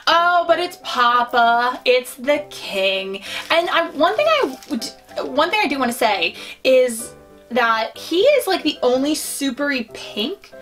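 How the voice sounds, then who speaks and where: A woman's voice: high-pitched, very animated, slow pace, a bit bright, faint music behind. A young woman chatting casually to her viewers while unboxing collectible pins, rambling with fillers and restarts. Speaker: vlogger.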